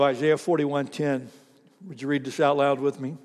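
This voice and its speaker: A man's voice: a little high, steady tone, a little mellow. Older male pastor in reverberant church. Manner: storytelling, halting restarts, rising to emphatic calls. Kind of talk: sermon with personal story. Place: church sanctuary. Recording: long reverb of a church hall.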